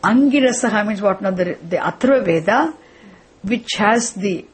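A woman teaches a scripture class in a breathy voice. She circles back over her phrases and keeps asking her listeners questions as she explains. Her pitch sits in the middle range. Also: lively intonation, normal speed. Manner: repetitive, questioning, restarts phrases. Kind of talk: classroom lecture.

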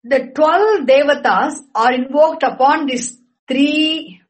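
A woman lecturing on a sacred text, deliberate, repeating and explaining each term. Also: high-pitched, low-quality recording. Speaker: scripture teacher.

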